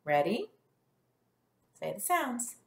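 A woman teacher leading a first grade phonics lesson, sounding out letters slowly and praising the class. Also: fairly high pitch, very animated, creaky, a little hiss or hum. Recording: echoey room.

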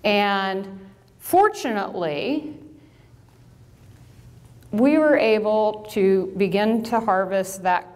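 A middle-aged woman from Illinois who runs a farm business, telling a story to an audience with lively acted-out quotes and self-mocking asides. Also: mid-range voice. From Illinois, USA. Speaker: farm business owner and speaker. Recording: long hall reverb.

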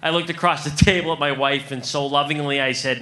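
High-voiced man doing stand-up. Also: fairly even intonation, a little fast, very noisy. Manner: punchy joke delivery, addressing the crowd as folks. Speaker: stand-up comedian. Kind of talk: stand-up comedy set. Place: comedy club stage.

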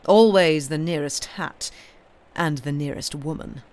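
A woman's voice: sits low, measured pace, a little mellow, a little hiss or hum. Woman reader as storybook colonel, older man, sneering, airy, mocking, cruel good humour.

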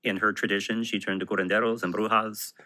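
A man who is a Catholic priest, telling a story in a measured way during a podcast interview. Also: fairly low pitch, little pitch movement, bright, forceful tone, rough recording. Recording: played from a podcast clip.

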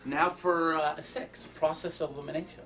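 A man's voice: fairly high pitch, fairly even intonation, fairly quick, faint music behind. A man doing comic magic patter on stage, joking and chatting with the audience in self-mocking asides. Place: stage before a live audience. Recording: distant mic, loud crowd and noise. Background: loud audience noise.

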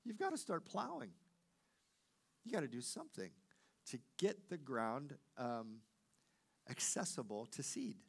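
A middle-aged man, a pastor, preaching a sermon with animated storytelling that swings between loud and hushed delivery. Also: mid-range voice, measured pace, vocal fry, long pauses, husky.

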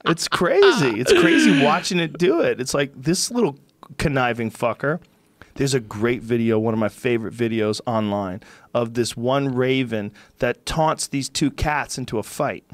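A man in his fifties hosting a podcast, telling stories in casual chat, animated and profane. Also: mid-range voice, normal speed, no echo. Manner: animated, profane, laughing storyteller. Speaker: podcast host.

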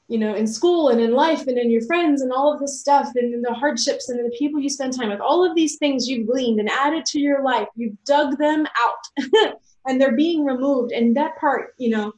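An American woman with young children, giving an earnest, emotional faith testimony that moves between soft reflection and excited outbursts. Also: high-pitched, moderate pace, reverberant. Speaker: author and speaker.

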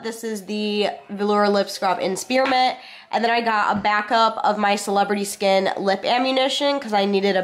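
A woman in her twenties vlogs casually to the camera, bubbly and chatty with frequent swearing, her voice nasal and stuffed-up from a cold. It has medium pitch and sounds a bit bright.

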